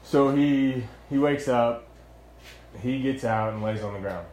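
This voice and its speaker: A man's voice: mid-range voice, a little slow, darkish tone, echoey room, slight background noise. A young man, a former Marine, telling the story of his own arrest in a heated, blunt way, with swearing and many restarts. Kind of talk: heated first-person account.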